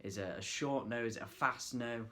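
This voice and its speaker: A man's voice: mid-range voice, normal speed, bright, forceful tone. A man talking casually to camera, giving acting tips in a loose, chatty way with lots of fillers, trying out lines in different ways. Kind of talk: casual vlog tutorial.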